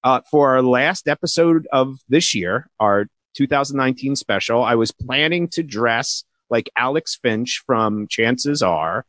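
A man's voice: medium pitch, expressive, measured pace, hardly any pauses, fairly bright tone, no echo. A man co-hosting a casual podcast, upbeat and joking as he introduces the episode. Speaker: podcast co-host. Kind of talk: casual chat.

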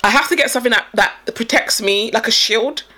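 A woman in casual chat, excitable, reacting loudly and laughing. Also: on the high side, fairly quick.

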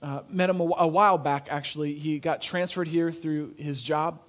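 A pastor preaching a sermon in an earnest, conversational way, telling a story and repeating phrases for emphasis. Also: male voice, a little high, fairly even intonation, normal speed. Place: church.

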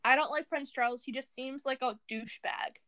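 Young woman, Southern US accent, podcast co-host, blunt and gossipy, high bright voice, dry sound. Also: steady tone, brisk, dry recording. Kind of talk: casual chat.

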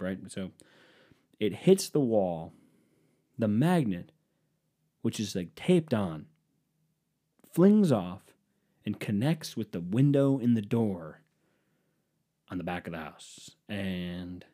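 Low, mellow-voiced man telling a rambling story. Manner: profane, rambling, self-deprecating. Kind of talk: casual comedic storytelling.

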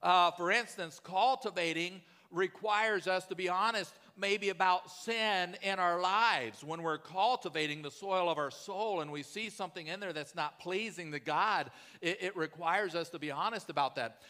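A pastor delivers a sermon in a bright, forceful voice, telling stories conversationally and often asking "right?". His voice sits a little higher than most men's. The long reverb of a church sanctuary hangs behind him. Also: normal speed, few pauses.

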